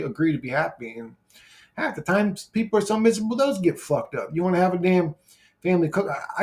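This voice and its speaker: A man's voice: fairly high pitch, darkish tone. A brash man who swears freely, rambling casually as he replies to viewer comments. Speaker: YouTuber replying to comments.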